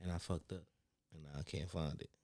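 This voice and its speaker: A young man co-hosting a podcast, telling stories in a loud, animated, cursing way. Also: low voice, fairly quick. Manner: animated storytelling, swears a lot, gets loud when riled. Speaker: podcast co-host. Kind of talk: casual chat.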